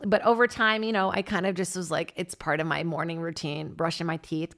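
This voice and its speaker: A woman's voice: on the low side, fairly even intonation, a little fast, vocal fry, few pauses. A woman comedian from Brazil, podcast host, chatting in a rambling comedic monologue into a studio mic, swearing and jumping between topics. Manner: chatty, swearing, jumps between topics with sudden loud squawks. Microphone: studio mic on a stand.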